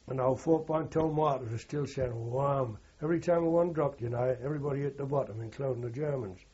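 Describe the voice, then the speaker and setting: Husky older man reminiscing. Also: medium pitch, moderate pace, muffled recording. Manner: rambling anecdotal, frequent "you know" and "like". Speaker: war veteran interviewee. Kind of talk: oral history recollection.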